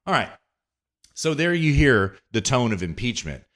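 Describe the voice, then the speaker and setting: A man hosts a political commentary podcast, his voice sitting in an ordinary mid-range pitch. He reads news excerpts aloud, then breaks off with sarcastic, indignant asides to his listeners. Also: big pitch swings, moderate pace, a bit bright. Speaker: podcast host.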